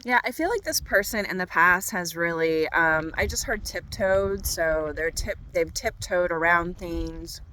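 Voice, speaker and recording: A woman's voice: lowish voice, measured pace, few pauses, bright, forceful tone, a little hiss or hum, poor audio. A woman tarot reader talking to her viewers outdoors on a walk, bubbly and gushing. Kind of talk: tarot reading vlog outdoors. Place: outdoors on a walk by a golf course.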